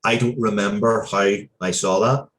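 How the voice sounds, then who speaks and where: A man telling a story as an interview guest, earnest and heartfelt, often pausing and restarting his sentences. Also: lowish voice, fairly even intonation, a bit bright. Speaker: interview guest, comic book writer.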